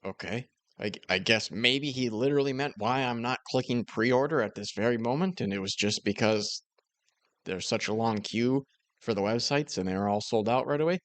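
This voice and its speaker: A man's voice: mid-range voice, dry recording. A man giving casual, mocking commentary on another creator's video. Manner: sarcastic, mocking. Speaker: commentary YouTuber.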